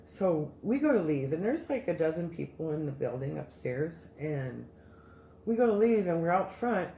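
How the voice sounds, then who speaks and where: A woman casually telling a story as a guest, animated and rambling with many restarts. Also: low-pitched, normal speed, creaky, reverberant, slight background noise.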